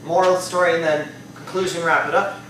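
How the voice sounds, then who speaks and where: Brief: male speech evaluator, slightly high voice, chatty and hedging, far-off mic with heavy room echo. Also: steady tone, quick pace, a bit bright, a little hiss or hum. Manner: conversational, hedges often with "I think" and "you know". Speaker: speech evaluator at a speaking club. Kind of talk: spoken speech evaluation to a live audience. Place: club meeting room. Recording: very echoey room from a distance.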